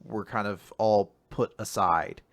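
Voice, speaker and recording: A young adult man co-hosting a casual manga recap podcast, animated and laughing often as he acts out scenes. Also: lowish voice, takes it slowly. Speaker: podcast co-host.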